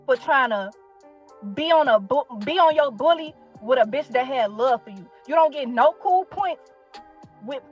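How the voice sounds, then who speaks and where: A woman's voice: high voice, lo-fi sound. A young woman from Chicago with a Chicago accent, telling her side of a falling-out with a friend in a blunt, profane, exasperated rant. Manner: blunt, profane, exasperated, repeats herself for emphasis. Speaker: content creator telling her side of a feud. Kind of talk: heated storytime rant.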